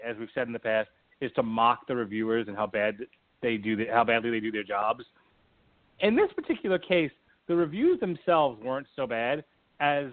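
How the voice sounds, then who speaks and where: A man's voice: mid-range voice, dry recording. A man hosting a film review podcast, speaking in a wry, explanatory way with many fillers. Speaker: podcast host. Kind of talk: casual review chat. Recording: tinny phone-like line, dry.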